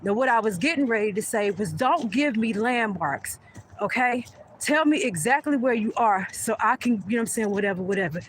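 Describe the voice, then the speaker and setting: A woman vlogging outdoors as she walks down a street, telling a story in an animated, blunt and profane way. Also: fairly high pitch, brisk, slight background noise, rough recording. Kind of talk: casual storytelling while walking.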